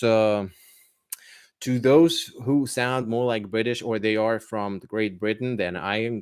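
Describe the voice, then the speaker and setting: A man with a fairly low voice talks through viewer questions on a live-streamed language podcast. He is an English teacher and speaks in a chatty, halting way, with plenty of fillers and false starts. The sound is dry and close. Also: smooth, no echo. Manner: chatty, hesitant, many fillers and restarts.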